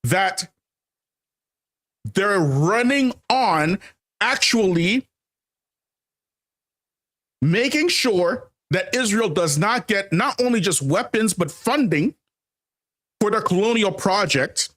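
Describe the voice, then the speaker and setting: With a high, animated, fairly bright voice, a channel host speaks slowly and leaves long pauses in his casual commentary monologue. He stresses and repeats his points, calls the audience family, and laughs a lot.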